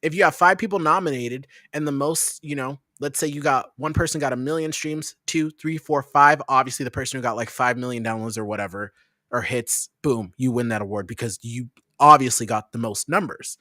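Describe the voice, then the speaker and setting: A woman from Nebraska co-hosting a casual livestream talk show, animated and quick to laugh. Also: rumbling low, dry recording, clean studio sound. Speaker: podcast co-host.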